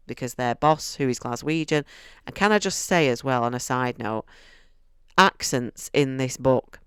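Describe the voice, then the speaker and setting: Man, book reviewer, chatty and enthusiastic; crisp, dry voice. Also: medium pitch, a bit bright, dry recording. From United Kingdom. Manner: chatty and enthusiastic, restarts sentences often.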